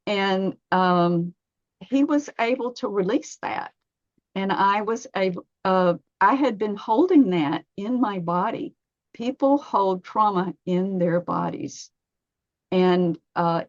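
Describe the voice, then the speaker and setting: A woman's voice: mid-range voice, no echo, muffled recording. A woman in her fifties, a massage therapist, talking in a podcast interview, telling stories and acting out her own inner dialogue.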